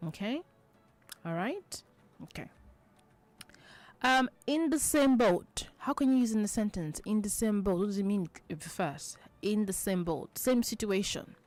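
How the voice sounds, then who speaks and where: A woman's voice: mid-range voice, moderate pace, dry recording. A woman hosting a children's radio show, patiently explaining idioms, repeating each point and checking that listeners understand. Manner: acts out example quotes in lively voices.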